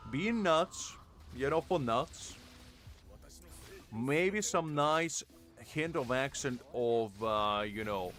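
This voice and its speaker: A man's voice: fairly high pitch, fairly bright tone. Playful teasing male game streamer. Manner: playful, mock-exasperated teasing. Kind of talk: casual live-stream banter.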